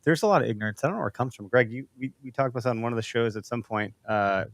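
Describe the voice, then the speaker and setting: A man hosting a podcast, chatting and telling stories in an animated, casual way. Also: medium pitch, rapid-fire, no echo. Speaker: podcast host.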